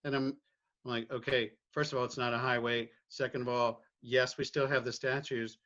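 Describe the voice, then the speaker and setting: A man's voice: medium pitch, little pitch movement, moderate pace, a bit bright, dull audio. A middle-aged man from Virginia, a podcast guest speaking candidly and reflectively about his family and his views, often restarting his phrases and checking in with "right?". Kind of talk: candid personal conversation.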